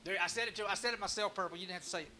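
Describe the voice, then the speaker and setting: A man hosts a laid-back live stream, talking in a rambling, self-mocking way. His voice sits high and rings bright and forceful. Soft music plays faintly underneath. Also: racing. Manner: rambling, joking and self-mocking, with frequent restarts. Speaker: live-stream woodcarving host. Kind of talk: casual live-stream chat.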